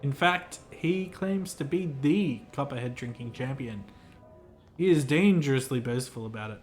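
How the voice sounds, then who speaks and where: A man reads lines for a game as a pompous, self-important hotel clerk, delivering them formally, fussily and theatrically. His mid-range, darkish, natural voice has lively intonation at normal speed, over soft background music.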